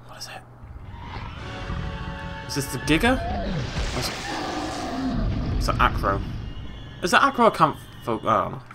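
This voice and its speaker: British guy doing lets play commentary, jokey and excitable, bouncy voice going way up, game music under it. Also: medium pitch, moderate pace, pauses often. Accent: English. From Britain. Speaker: gaming YouTuber. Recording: game music playing behind voice.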